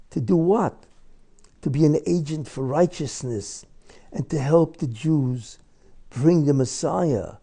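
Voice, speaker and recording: Older rabbi preaching hard, gravelly dark voice, lots of who-are-you questions. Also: male voice, on the high side. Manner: animated, rhetorical questions, swings between shouting and hushed. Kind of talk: impassioned religious lecture.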